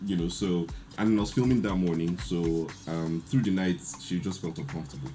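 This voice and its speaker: A man, telling a lively story in casual chat and acting out the quotes. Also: low-pitched, fairly quick. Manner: animated storyteller, laughs often, acts out quotes. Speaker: podcast guest.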